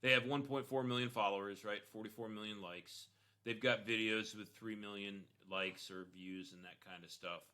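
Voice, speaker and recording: A man's voice: lowish voice, fairly even intonation, moderate pace, sharp tone. A man talking casually while reviewing an online store, with frequent "right?" and "you know" and punchy emphasis. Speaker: e-commerce store consultant.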